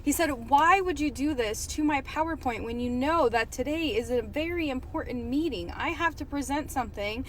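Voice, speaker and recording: A woman's voice: high-pitched, normal speed, few pauses, slight background noise. A woman telling a personal story in a casual, dramatic and sarcastic way.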